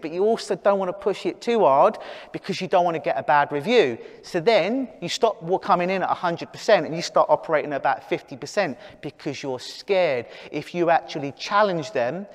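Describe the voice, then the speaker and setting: Brief: a middle-aged male hypnotist speaking bluntly to a crowd, higher voice, echoing hall. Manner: blunt, animated, laughs at own points. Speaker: clinical hypnotist. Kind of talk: live talk to an audience.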